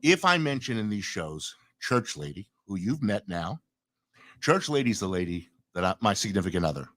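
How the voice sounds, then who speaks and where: Animated older man telling stories. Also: on the low side, moderate pace, no room sound, clean studio sound. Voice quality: animated storyteller, laughs often, acts out quotes. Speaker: host. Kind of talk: casual chat.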